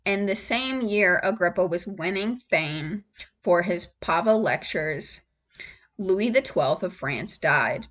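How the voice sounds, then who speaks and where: A woman in a whispered role-play ASMR reading, going slowly and haltingly and spelling out hard words letter by letter. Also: fairly low pitch, expressive, fairly bright tone. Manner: gets emotional and laughs between passages. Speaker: ASMR host reading aloud.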